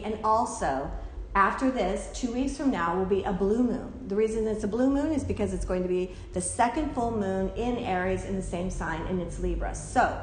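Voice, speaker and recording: A woman's voice: fairly high pitch, slight background noise. Chatty candid woman in an echoey room. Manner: chatty, candid, swears and laughs often. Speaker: spiritual teacher. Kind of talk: casual spiritual talk to a class. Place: temple room. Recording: roomy echo.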